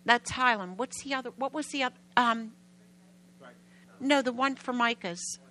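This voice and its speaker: A woman preacher telling a story to her congregation in an animated, emphatic way, often getting loud. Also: a little high, moderate pace, slight background noise, rough recording. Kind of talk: sermon storytelling.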